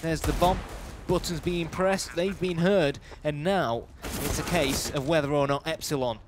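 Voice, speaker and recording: A man's voice: on the high side, a little slow, noisy background. A man casting live esports play-by-play, building hype around each kill. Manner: excitable play-by-play, bursts of hype on kills.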